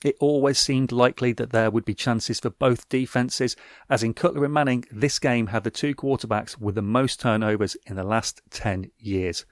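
Man, sports recap host, wry asides, mid pitch, dry close sound. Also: moderate pace, no echo. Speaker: podcast host.

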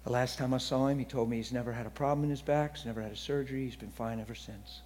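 A man preaching a sermon in a church hall, telling stories in a voice that drops to hushed near-whispers and then rises to loud, excited bursts. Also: mid-range voice, quick pace, a little hiss or hum. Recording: long hall reverb.

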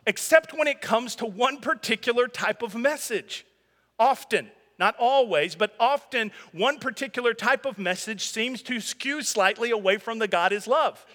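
Male pastor, high bright voice, earnest conversational sermon, reverberant sanctuary. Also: moderate pace. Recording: long hall reverb.

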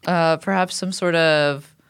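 A woman's voice: low voice, fairly even intonation, measured pace, smooth. A woman co-hosting a podcast, trading dry, sardonic jokes and cursing. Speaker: podcast co-host. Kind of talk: loose comedic banter.

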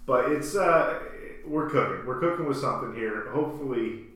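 A man's voice: medium pitch, expressive, moderate pace, hardly any pauses, a bit bright, recorded from a distance. A man co-hosting a podcast, chatting casually about his soccer team, rambling and correcting himself as he goes. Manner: rambling, self-correcting, laughs often. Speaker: podcast co-host. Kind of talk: casual sports chat. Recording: echoey room, off-mic, faint hum.

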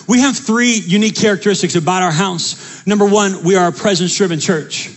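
High, husky-voiced preaching pastor. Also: male voice, brisk, few pauses, some chatter behind. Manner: animated preaching with repeated phrases and stammered restarts. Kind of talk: sermon.

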